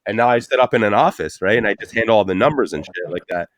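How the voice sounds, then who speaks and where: A man's voice: on the low side, expressive, quick pace, no room sound. A man in his thirties hosting a podcast, telling stories in loose casual chat, swearing freely and filling gaps with "like" and "you know". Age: 30s. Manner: loose, profane storytelling with many fillers. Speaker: podcast host.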